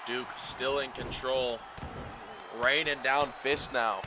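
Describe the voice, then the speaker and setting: A man doing play-by-play commentary over a video game wrestling match, calling moves quickly and getting louder at near-falls. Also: mid-range voice, heavy background noise. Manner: rapid play-by-play calls, rising excitement at near-falls.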